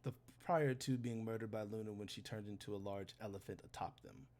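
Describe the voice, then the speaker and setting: A man's voice: fairly low pitch, steady tone, fairly quick, a little mellow. A man narrating a tabletop role-playing game as game master, describing scenes steadily.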